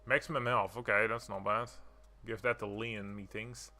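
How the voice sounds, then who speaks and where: A man's voice: on the low side, little pitch movement, moderate pace, pushed and bright. A man streaming a video game live, chatting casually and swearing now and then. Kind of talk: live gameplay commentary.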